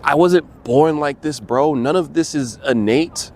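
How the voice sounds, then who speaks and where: A man's voice: fairly high pitch, measured pace, a little mellow, slight background noise. A young man talking straight to his viewers in a casual, earnest way, often calling them "bro". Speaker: vlogger. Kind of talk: casual motivational talk to camera.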